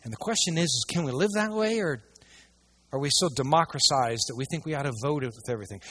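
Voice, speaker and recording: A man preaching a sermon to a church audience, swinging between hushed asides and loud, emphatic passages. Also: a little high, lively intonation, quick pace. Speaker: pastor.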